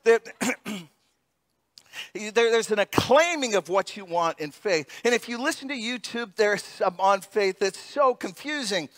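A middle-aged male pastor preaching an animated sermon, laughing often and acting out the voices in his stories. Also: high voice, a little slow, dry recording.

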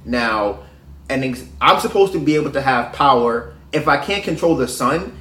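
A man delivers a casual, preachy monologue of dating advice, full of slang and sometimes sinking to a low murmur. His voice sits at an ordinary pitch for a man. The room adds a noticeable echo. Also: animated, normal speed, a bit bright. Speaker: podcast host. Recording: roomy echo.

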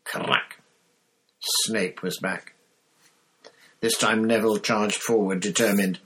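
A man reading a story aloud as narrator, in a measured, deliberate way. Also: fairly low pitch, steady tone, fairly bright tone, slight background noise, poor audio. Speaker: audiobook narrator.

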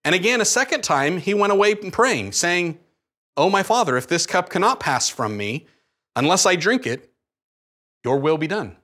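A man preaching a sermon, animated, acting out his own pleading prayers. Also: high voice, normal speed. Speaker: pastor.

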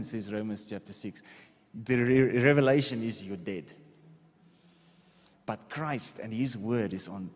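A man's voice: lowish voice, a little mellow, breathy edge, big-room sound. A man preaching a sermon in a conversational way, checking in with his listeners again and again. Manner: conversational, repeats okay, drawing on a board. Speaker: pastor. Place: church hall.

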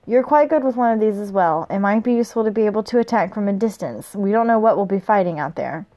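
A woman's voice: mid-range voice, animated, quick pace, warm tone, lightly acted. A woman reading the lines of an earnest, protective young male fighter in her plain voice.

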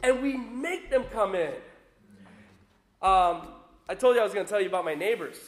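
A man with a very high, light voice preaches an animated sermon, pressing his points with emphasis as a pastor. The recording has a roomy echo around him. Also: moderate pace. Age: adult with young children. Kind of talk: sermon with personal storytelling.

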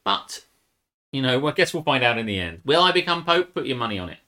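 Lively bright-voiced man from the US. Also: medium pitch, fast. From United States. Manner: rambling, self-deprecating. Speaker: stream co-host. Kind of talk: casual chat.

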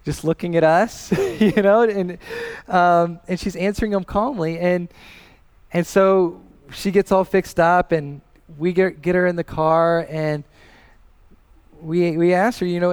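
A man's voice: high voice, steady tone, unhurried, darkish tone, smooth. A man in his thirties preaching a sermon as pastor, earnest and personal, rising in emphasis as he tells a family story.

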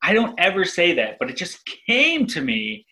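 A man, a father and podcast co-host, chatting casually and rambling, acting out yelled quotes. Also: high-pitched, wildly swooping pitch, normal speed, rough recording. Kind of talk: casual family chat.

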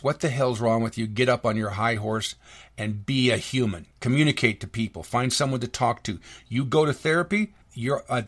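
A man hosting a solo podcast, ranting in an indignant, sarcastic, rambling way, from the United States, stumbling over restarts and jumping up in pitch when he gets worked up. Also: a bit bright. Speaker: podcast host.

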